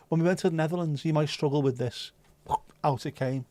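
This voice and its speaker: A man's voice: fairly high pitch, brisk, warm tone, dry recording. A man with a Liverpool accent hosting a livestream, chatting casually in a jokey, rambling way. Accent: Liverpool (Scouse). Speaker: livestream host.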